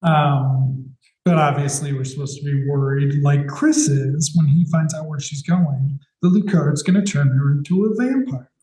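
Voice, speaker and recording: A man with a mellow, slightly high voice recaps a TV episode for his podcast co-host. He talks in sarcastic, loose chat, dropping the odd swear. The sound carries echo from the room. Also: normal speed.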